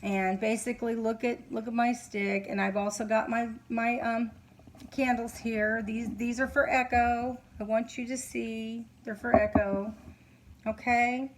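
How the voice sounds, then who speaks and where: Middle-aged lady rambling earnestly at home, kinda sleepy, slightly high voice, lots of ums. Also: flat delivery, noisy background. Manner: earnest, halting, many fillers. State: sleepy, yawning. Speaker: psychic reader. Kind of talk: casual monologue to camera. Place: home, candles lit.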